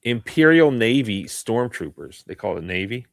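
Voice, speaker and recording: A man's voice: medium pitch, big pitch swings, normal speed, creaky, no echo. Dry-voiced man hosting with mock-serious sarcasm. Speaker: host. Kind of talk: live online talk stream.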